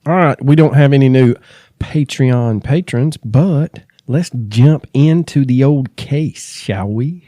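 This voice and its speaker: A man co-hosts a true crime podcast, laid-back and joking as he chats and reads out case notes. His medium-pitched voice is slow and mellow, recorded cleanly in a studio with no echo.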